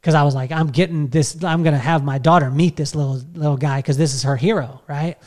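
A man's voice: on the high side, steady tone, fairly quick, a little mellow. A middle-aged man telling a long personal story in a casual, rambling way, full of fillers and restarts. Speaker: podcast host telling a story.

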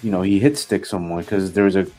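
A man co-hosting a sports podcast, chatting in a relaxed way with fillers and agreement. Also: deep voice, fast, soft background music. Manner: laid-back, agreeing, with fillers. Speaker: podcast co-host. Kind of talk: casual sports chat.

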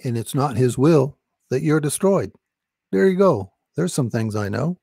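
A man's voice: medium pitch, very animated, a little slow, gravelly, warm tone, husky, dry recording, studio quality. A man preaching urgently about salvation and deliverance, pressing the listener to repeat a confession of faith. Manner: urgent, insistent, repetitive exhortation.

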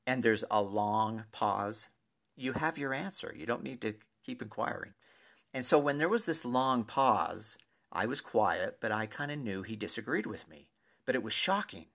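A man telling a personal anecdote to an audience in a lively, animated way, with pauses and asides to his listeners. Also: fairly low pitch, vocal fry. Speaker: storyteller.

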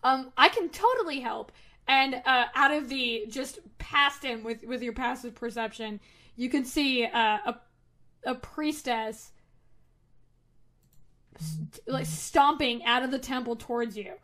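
A woman's voice: fairly high pitch, fairly even intonation, slow, long pauses, sharp tone. A woman narrating as game master in a tabletop game, with lots of hesitant fillers.

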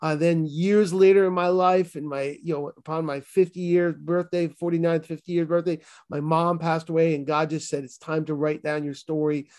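A man's voice: a little high, flat delivery, normal speed, few pauses, darkish tone. A man in his fifties with a Boston accent, a pastor giving his testimony as an interview guest, earnest and emphatic, stumbling over restarts. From Massachusetts. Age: 50s. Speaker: pastor and author.

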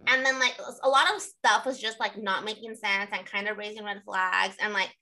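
A woman's voice: mid-range voice, steady tone, normal speed, bright, forceful tone, poor audio. A young woman co-hosting a podcast in casual chat, blunt and profane, full of fillers. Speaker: podcast co-host.

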